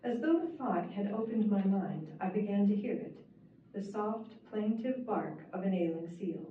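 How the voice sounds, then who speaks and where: A woman, the author, reading her own first-person novel aloud in a measured, wry storytelling manner. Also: medium pitch, expressive. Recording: echoey, distant, phone-like and hissy.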